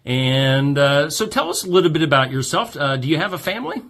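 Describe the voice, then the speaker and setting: A man's voice: fairly high pitch, big pitch swings, fairly quick, fairly bright tone. A man hosting a local morning show, reading weather and sports news and chatting with a guest, laughing easily. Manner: chatty, upbeat, laughs often. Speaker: host.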